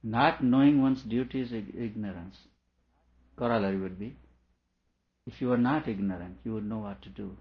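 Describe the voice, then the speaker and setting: A man with a low voice reads a philosophical passage aloud and then unpacks it, chuckling now and then. The recording sounds dull and muffled. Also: normal speed, long pauses. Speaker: teacher. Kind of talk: reading and explaining a philosophical text.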